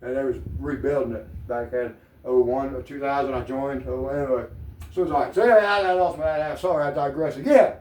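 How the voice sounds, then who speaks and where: A man's voice: medium pitch, brisk, darkish tone. A man with a Southern American accent, talking in a rambling, profane, digressive monologue to the camera. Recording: echoey room, mic at a distance.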